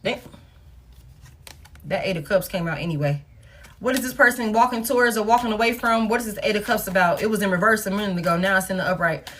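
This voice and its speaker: With a mid-range, slightly bright voice and a fast delivery, this tarot reader holds a casual, blunt monologue at home, a little hiss or hum on the audio. Soft music plays behind her as she swears often and repeats phrases for emphasis.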